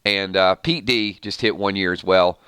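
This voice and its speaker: A man's voice: low voice, normal speed, bright, forceful tone, clean tone, dry recording, studio quality. A man hosting a casual live stream with his morning voice, rambling through viewer comments with fillers and restarts. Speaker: YouTube channel host.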